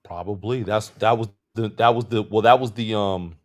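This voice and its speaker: A man co-hosting a casual sports podcast, talking in a laid-back, wry, low-key way. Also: normal speed. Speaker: podcast co-host.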